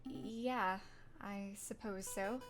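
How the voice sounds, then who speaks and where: A woman voicing an earnest young male bird lawyer, measured and polite. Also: mid-range voice, steady tone, faint music behind.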